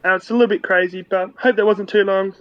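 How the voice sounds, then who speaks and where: A man's voice: high-pitched, steady tone, quick pace, no echo. A man from Australia with an Australian accent, telling a cheeky, laid-back story in a casual voice note, recorded dull and lo-fi. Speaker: listener sending a voice note.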